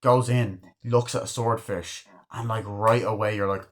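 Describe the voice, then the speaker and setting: A man giving a casual, excitable movie review, swearing a lot and acting out scenes he loves. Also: on the low side, a little slow. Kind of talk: casual film review monologue.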